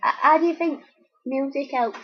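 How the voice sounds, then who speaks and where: A woman's voice: high-pitched, moderate pace. A woman interviewing her younger sister in a casual chat, asking probing questions with dry teasing. The recording is a dull, lo-fi home recording.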